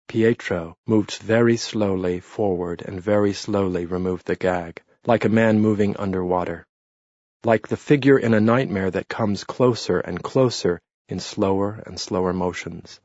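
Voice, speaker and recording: A man narrating a novel in a measured, literary audiobook style. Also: on the low side, a little mellow, no echo. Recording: dull lo-fi dry read.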